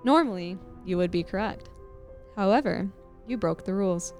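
A woman voicing a sinister, unseen entity on the radio that taunts with a raspy, menacing voice. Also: mid-range voice, moderate pace, darkish tone, faint music behind, close to an everyday voice.

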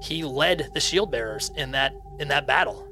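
Man, game master, gravelly voice, descriptive narration, background music. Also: on the high side, normal speed. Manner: descriptive, self-deprecating.

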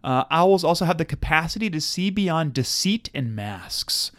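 A man's voice: on the high side, moderate pace. Wry rambling man co-host. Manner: wry, deadpan, rambling with restarts. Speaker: podcast co-host. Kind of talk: casual spooky chat.

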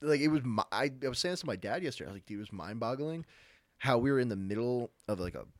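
A man co-hosting a podcast, talking excitedly in casual chat and swearing. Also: mid-range voice, fast talker, no room sound. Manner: excitable, swears, lots of filler words. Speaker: podcast co-host.

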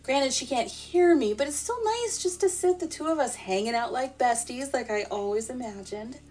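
A woman narrating a playful, deadpan comic sleep story in the first person. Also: high voice, moderate pace, soft background music. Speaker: podcast storyteller.

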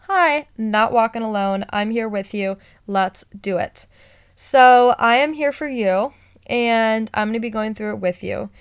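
Podcast host, woman, bubbly pep-talk delivery, slow and smooth, a touch high. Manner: excited, pep-talk cheerleading. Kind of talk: solo motivational podcast talk.

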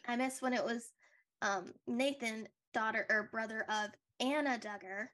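A young woman co-hosts a podcast, chatting casually through a recap and rambling with lots of "likes" and restarts. Her fairly high voice is a bit bright and a little slow.

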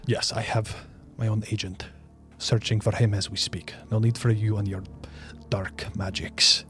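Game master doing a cold measured male schemer, with music underneath. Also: fairly low pitch, flat delivery, fairly bright tone.

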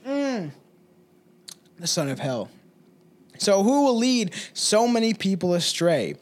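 A man's voice: sits high, very animated, slow. A man co-hosting a podcast, talking casually and telling rambling, profane stories. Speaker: podcast co-host.

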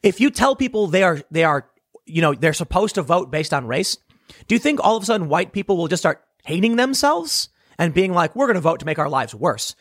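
A man's voice: sits high, big pitch swings, brisk, fairly bright tone, no room sound, clean studio sound. A man delivering an opinionated monologue commentary, talking emphatically with restarts and rhetorical questions. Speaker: political commentator.

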